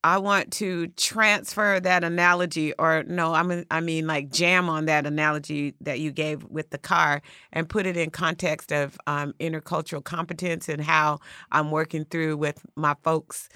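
A woman's voice: low voice, fairly even intonation, normal speed, hardly any pauses, sharp tone, clean tone, no echo, clean studio sound. A woman hosting a podcast, chatting casually and affirming her guest. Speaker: podcast host. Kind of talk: casual chat.

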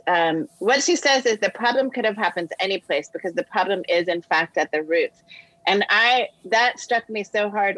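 A woman guest on a discussion show, telling a personal story with animated quoted voices. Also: medium pitch, no echo, poor audio. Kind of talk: storytelling in conversation.

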